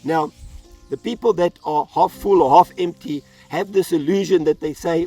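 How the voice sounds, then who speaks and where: A man's voice: a little high, moderate pace, warm tone, distant mic, faint music behind. A man pastor delivering an earnest sermon, telling a Bible story and acting out its voices. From South Africa.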